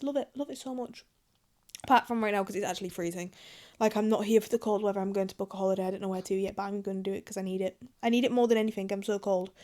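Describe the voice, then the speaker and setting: A woman's voice: a little high, a little mellow. A woman, chatting casually and animatedly to camera, rambling with lots of asides. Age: 20s. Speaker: vlogger.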